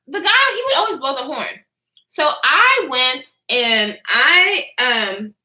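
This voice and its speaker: A woman's voice: fairly high pitch, pushed and bright. A woman in her twenties telling a casual story to her live chat, blunt and profane, chatting back to the viewers as she goes. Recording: echoey room.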